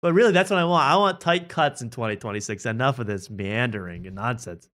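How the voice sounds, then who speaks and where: A man's voice: mid-range voice, animated, a little fast, a bit bright. A man hosting a comedy podcast, reacting to talk show clips with sarcastic jokes and frequent laughter. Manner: sarcastic, jokey, laughing often. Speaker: podcast host.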